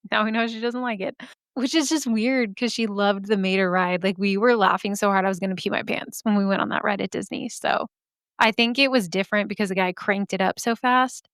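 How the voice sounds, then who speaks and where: This bubbly, chatty podcast host is a woman in her thirties from Arizona whose throat sounds slightly scratchy. Her mid-range voice is a bit bright, brisk, and fairly even in intonation, and she laughs often during the casual chat. The studio microphone gives a dry, close sound with no echo.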